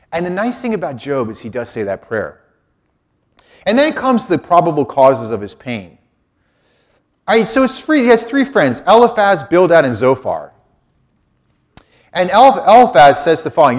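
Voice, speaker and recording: A middle-aged man gives a homily as a Catholic priest. He talks in a relaxed, conversational way, and his voice sits a little high and rises and falls a lot as he acts out what people say. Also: normal speed. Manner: conversational, animated preaching with acted-out quotes. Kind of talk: sermon.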